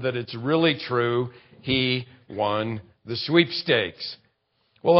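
A man's voice: mid-range voice, muffled recording. A man preaching a sermon, working through a Bible passage verse by verse and telling a vivid story to make his point. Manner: expository preaching with vivid illustrations. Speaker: pastor.

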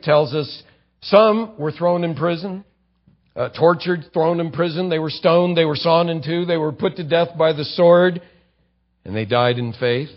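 A man with a somewhat high voice gives a conversational sermon. He acts out quotes along the way and sinks low and soft to land his points. The recording is muffled and lo-fi. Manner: conversational preaching with acted-out quotes and emphatic drops in pitch. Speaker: pastor.

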